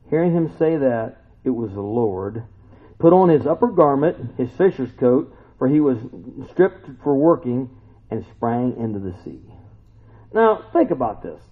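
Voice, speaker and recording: A man teaching the Bible in a relaxed, conversational way, folksy and animated, often turning to ask his listeners questions. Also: fairly high pitch. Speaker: preacher. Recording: tinny phone-like sound.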